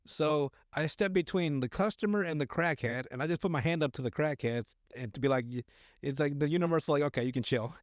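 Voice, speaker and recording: Guy rambling through a work story on a podcast, kinda high voice, swears a lot, dry close sound. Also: brisk, no room sound. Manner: rambling, crude, many fillers and restarts. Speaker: podcast host. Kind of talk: casual storytelling chat.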